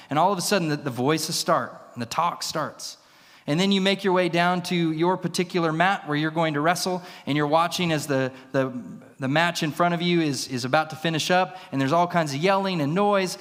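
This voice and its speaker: A man with a slightly high voice preaches in a church, and his words ring out with a long reverb. He tells his story vividly and acts out the other voices in it. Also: fairly even intonation, fairly quick, fairly bright tone. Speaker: pastor. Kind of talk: storytelling sermon. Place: church sanctuary.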